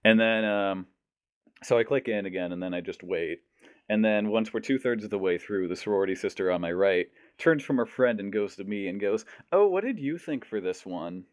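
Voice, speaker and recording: Young guy on a podcast telling a story, lowish voice, acts out all the people, dry close sound. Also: fairly quick, smooth, no room sound. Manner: animated storyteller, mimics voices. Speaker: podcast host. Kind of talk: casual storytelling.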